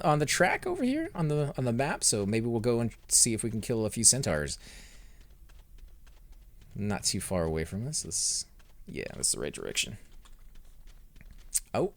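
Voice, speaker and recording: A young man hosting a let's play, commentating his fights and chatting with viewers, growing loud and excited during combat. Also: mid-range voice, moderate pace, long pauses. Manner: excitable, reacts loudly to in-game fights, talks to chat. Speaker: gaming channel host.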